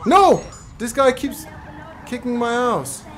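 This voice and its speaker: A man voicing a brash, hotheaded male cartoon character who taunts and yells at rivals while playing through a live game stream. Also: very high-pitched, sing-song, a little hiss or hum, exaggerated voice. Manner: swaggering, taunting, quick to yell. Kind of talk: voiced live gameplay stream.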